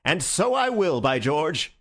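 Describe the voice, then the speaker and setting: A man voicing a tipsy, witty young gentleman in an audiobook, with a grand, bubbling delivery. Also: mid-range voice, big pitch swings, normal speed, creaky. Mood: giddy. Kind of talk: audiobook character voice.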